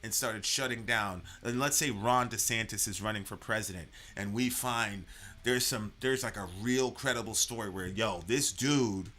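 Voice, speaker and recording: A man with a lowish voice speaks at normal speed while delivering a heated political rant. He's animated and swears freely, stumbling over many fillers and restarts.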